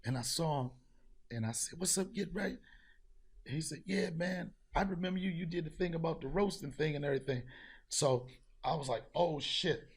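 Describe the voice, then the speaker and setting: A man hosting a podcast, telling a street story in casual chat, profane and animated, acting out the people he met. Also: on the high side, moderate pace, husky. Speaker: podcast host.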